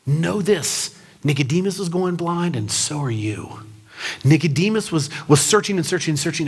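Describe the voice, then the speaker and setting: A man's voice: fairly high pitch, expressive, normal speed, slightly rough. A man preaching a conversational sermon in church, telling stories and pressing his point with rhetorical questions. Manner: storytelling, emphatic with rhetorical questions. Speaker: pastor.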